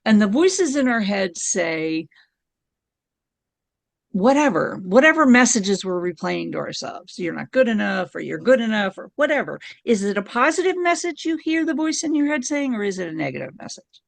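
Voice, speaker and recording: A middle-aged woman appears as a podcast guest, telling stories with animated energy and laughing often. Her gravelly voice swings widely in pitch at a moderate pace. The recording is close and dry, with no room sound.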